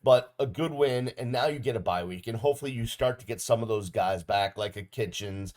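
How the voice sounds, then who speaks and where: A man's voice: on the low side, brisk. A middle-aged man hosting a podcast, giving a casual solo game recap with plenty of ums and uhs. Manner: casual, relaxed delivery with frequent ums and uhs. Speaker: podcast host. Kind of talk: solo sports recap video.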